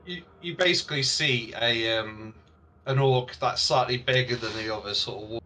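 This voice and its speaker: A man narrating as game master of a tabletop game, hesitant and halting at times. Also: medium pitch, pushed and bright, slight background noise.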